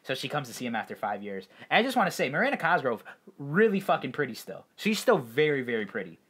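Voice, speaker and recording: Very animated and fast-talking, a young male podcast co-host rambles through a casual chat with plenty of fillers. His voice sits in the mid range, a bit bright and slightly rough.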